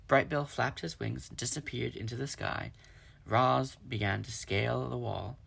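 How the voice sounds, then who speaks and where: A man reading a children's storybook aloud in steady storytelling. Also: medium pitch, moderate pace, vocal fry, husky. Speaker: reader.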